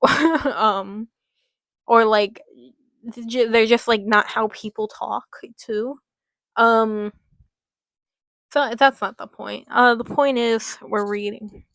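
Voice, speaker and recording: A woman's voice: fairly high pitch, slow pace, vocal fry, pauses often, a bit bright, no echo. A young woman reading a horror story aloud, breaking off into giggly, rambling asides full of filler words. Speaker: story reader.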